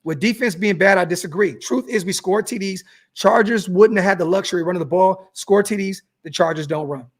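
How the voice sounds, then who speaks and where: A young man with a high-pitched voice talks fairly quickly while hosting a sports podcast livestream. He's fired up, curses, repeats words, and reads superchats from the live chat aloud in this animated sports talk.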